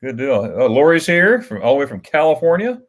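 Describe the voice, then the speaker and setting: A man's voice: fairly high pitch, sing-song, a little fast. A man hosting a casual livestream chat, telling rambling stories with restarts and chuckles. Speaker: livestream host.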